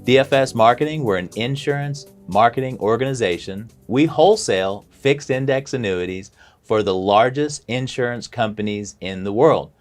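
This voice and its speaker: Man, lowish voice, company president, interviewer asking plain questions. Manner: scripted introduction, then plain questions. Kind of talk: interview hosting.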